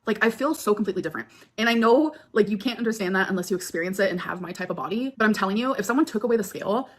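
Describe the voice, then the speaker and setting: A woman chats casually, answering questions from her viewers. She talks fast and rambles, leaning on fillers and turning emotional. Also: mid-range voice. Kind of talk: casual chat.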